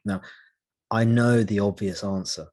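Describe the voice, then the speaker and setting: A man leading a spiritual meeting, answering a question in a slow, reflective way with long pauses. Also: lowish voice, fairly even intonation, a little mellow. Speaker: satsang teacher.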